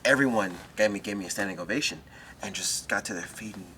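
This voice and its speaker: A man with a deep, low voice and a bright, forceful edge tells an emotional story in a sit-down interview. He talks in quick, animated bursts and restarts. A faint hiss of noise sits behind him. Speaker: wrestler, interview guest.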